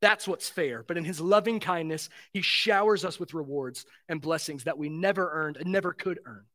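A pastor with a notably high voice delivers an earnest sermon. He leans on repetition and rhetorical questions to drive each point home. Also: normal speed, a bit bright. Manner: earnest, emphatic preaching with repeated phrases and rhetorical questions.

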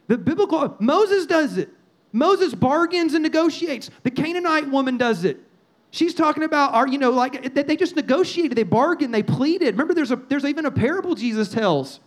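A middle-aged man delivers a sermon as pastor. His voice sits high for a man. He preaches in an animated, punchy way, full of acted-out quotes and repeated phrases.

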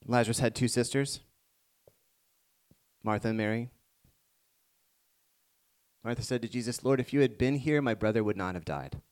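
A man preaching a sermon in a mid-range voice. He moves between hushed, reflective passages and rising, emphatic lines, speaking directly to his listeners. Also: medium pitch, moderate pace, long pauses. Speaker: pastor.

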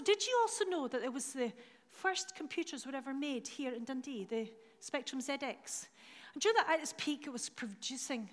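A middle-aged Scottish woman speaking from a church stage, telling self-mocking stories and acting out the dialogue. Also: high voice. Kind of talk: anecdotal sermon talk. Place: large church hall. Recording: live hall with long reverb.

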